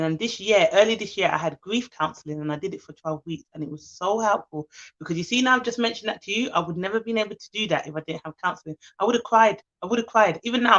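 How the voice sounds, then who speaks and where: Her mid-range voice has a fairly bright tone, though the recording sounds muffled. As host of a live stream, she chats openly and warmly with viewers and reads their comments.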